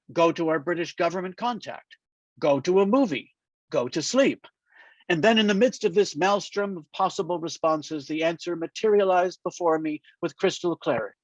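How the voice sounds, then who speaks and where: Man reading a novel aloud, wry and deadpan. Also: on the high side, dry recording. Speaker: author reading at a literary festival. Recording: dull, muffled dry sound.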